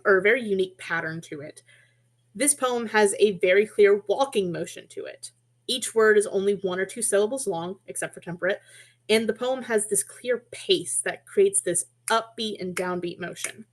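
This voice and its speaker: A woman in a middle pitch leads a webinar lesson on poetry and musical rhythm. She explains in a friendly, casual way, with small asides and quick self-corrections. Her voice comes through a computer mic on a web call. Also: a bit bright. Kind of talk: online teaching presentation.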